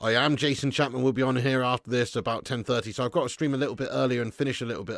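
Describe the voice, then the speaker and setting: With hardly any pauses, a man speaks fast at medium pitch on a dry, studio-quality recording. He hosts a football watch-along in casual live-stream chat, laughing, swearing openly, and reading viewers' messages aloud.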